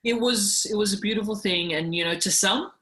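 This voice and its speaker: A man's voice: high-pitched, fairly quick, a crowd in the background. A man with an Australian accent, a guest reporter in a casual podcast chat, earnest and rambling, often restarting his sentences.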